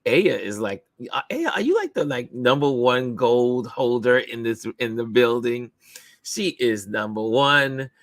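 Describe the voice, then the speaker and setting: A man's voice: medium pitch, very animated, measured pace, no echo. A man hosting a casual live stream, upbeat and chatty, laughing often as he greets viewers over a video call setup. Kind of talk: casual chat.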